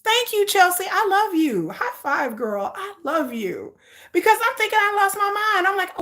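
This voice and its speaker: A woman vlogger chats casually with her viewers in a high, bright-sitting voice. Her pitch leaps around constantly as she jokes and breaks into frequent laughter, playful and chatty throughout. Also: very animated, moderate pace.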